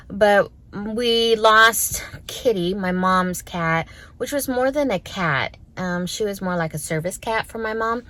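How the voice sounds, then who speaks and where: A woman's voice: on the low side, fairly bright tone. A middle-aged woman vlogging in a casual, chatty way, laughing between thoughts. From United States. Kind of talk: casual vlog chat. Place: pharmacy store.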